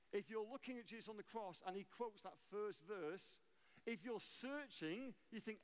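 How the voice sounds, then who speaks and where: Guest preacher, a man with a high voice, conversational and playful with the congregation. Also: expressive, normal speed. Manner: conversational, jokey, asks the audience questions. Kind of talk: sermon.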